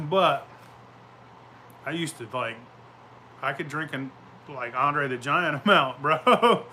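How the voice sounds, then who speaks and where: A man's voice: fairly high pitch, sharp tone, a little hiss or hum. A man hosting a show, telling rambling stories in a profane, boisterous way and laughing often. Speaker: show host. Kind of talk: casual rambling storytelling.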